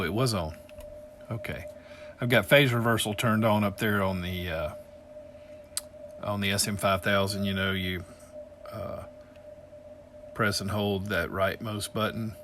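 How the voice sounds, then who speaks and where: A man's voice: fairly low pitch, noisy background. A man with a Southern US accent, an amateur radio operator talking casually to viewers in a rambling way with plenty of fillers. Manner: drawling, folksy, addresses viewers as y'all; rambling with many fillers, drops quieter when explaining gear. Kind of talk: casual show-and-tell vlog.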